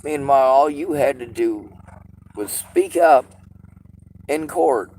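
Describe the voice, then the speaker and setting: A man's voice: mid-range voice, expressive, takes it slowly, low-quality recording. A man ranting bitterly to camera from inside a parked car, swearing often and complaining that nobody helps him. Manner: bitter, profane, shouting in bursts. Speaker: vlogger. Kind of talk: angry personal rant.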